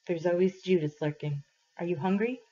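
A weary old village priest speaks in a soft, low, careful voice, as a woman reading aloud plays him. The voice is husky. The sound is dull and lo-fi. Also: normal speed. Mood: gentle. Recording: dull lo-fi recording.

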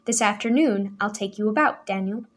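A woman voicing a cheerful young man who speaks hastily and tries to smooth things over. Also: medium pitch, normal speed, lightly acted. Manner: cheerful, hasty, conciliatory.

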